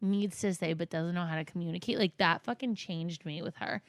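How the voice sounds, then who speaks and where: A woman co-hosting a podcast, talking in loose, emotional chat and swearing freely. Her voice is smooth and resonant, recorded close and dry with no room sound. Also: fairly low pitch, fairly quick, dry recording. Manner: emotional, swears freely, reads messages aloud softly. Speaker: podcast co-host. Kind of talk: casual chat.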